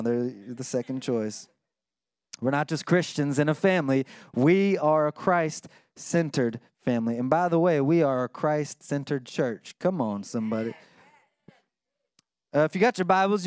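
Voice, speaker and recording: A high, clear male voice preaching a sermon with easy, conversational warmth. He slips into hushed, earnest tones for the scripture lines. The sound is close and dry. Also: moderate pace, no room sound. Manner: conversational, dips quiet and intense when reading scripture; playful mock voices in asides. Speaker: pastor.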